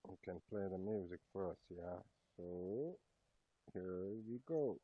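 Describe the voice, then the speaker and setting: A man casually demonstrating a gadget, talking haltingly, repeating words as he tries things out live. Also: deep voice, animated, no room sound. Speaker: product reviewer. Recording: dull lo-fi sound.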